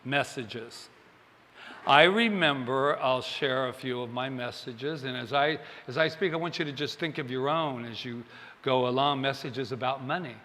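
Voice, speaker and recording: A man's voice: mid-range voice, moderate pace, pushed and bright, in a large hall. A male minister giving a Sunday sermon in a chatty way, joking with the congregation and asking them questions.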